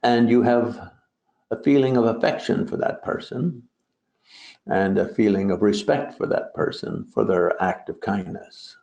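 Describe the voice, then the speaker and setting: Buddhist teacher guy, dark mellow voice, rambling with little jokes, echoey room. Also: fairly low pitch, fairly even intonation, a little slow, creaky. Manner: digressive, joking asides. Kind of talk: dharma talk on a translated poem. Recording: roomy, dull lo-fi recording.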